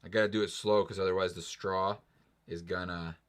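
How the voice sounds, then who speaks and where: A man's voice: deep voice, fairly even intonation, a little fast, clear, resonant tone. A man hosting a casual live stream, bantering and teasing his co-host.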